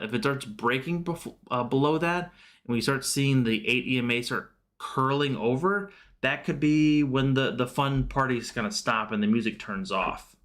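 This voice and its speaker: A man hosting a relaxed live market stream, with a voice of ordinary middle pitch. He talks loosely and informally, often pausing on "um" and "uh" and correcting himself mid-sentence as he walks through charts and answers viewers. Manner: loose and chatty, many fillers and self-corrections; answers viewer chat questions. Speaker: livestream host. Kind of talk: casual live stock market commentary.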